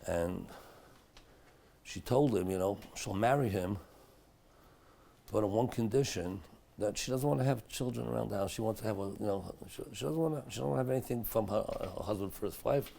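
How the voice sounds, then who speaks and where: A middle-aged rabbi with a low, gravelly voice teaches a Torah class in a synagogue study hall. He talks chattily, weaving in anecdotes. At dramatic moments in his stories he sinks to a hushed tone. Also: normal speed, a little hiss or hum. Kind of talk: storytelling Torah lecture.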